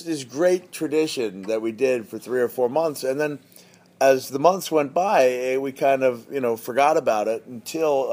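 A man's voice: mid-range voice, a little mellow. A middle-aged man telling a casual anecdote, rambling with plenty of fillers and restarts. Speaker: guest storyteller.

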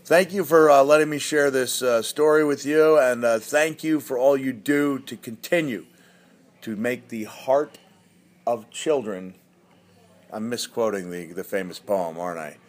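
A man's voice: medium pitch, unhurried. A middle-aged man telling a casual anecdote, rambling with plenty of fillers and restarts. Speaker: guest storyteller.

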